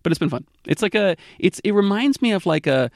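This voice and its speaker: A middle-aged man leads a relaxed tech podcast, teasing his co-hosts with an easygoing, joking manner. His voice has a gravelly texture. The recording is dry and close, with no room sound. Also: high-pitched, brisk, no echo. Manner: playful, joking. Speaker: podcast host. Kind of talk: casual chat.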